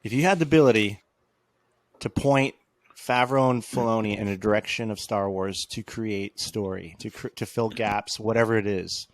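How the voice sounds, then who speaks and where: A man's voice: on the low side, normal speed, no echo. A man co-hosting a casual fan podcast, an eager questioner who repeats himself as he talks. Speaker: podcast co-host. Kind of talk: casual chat.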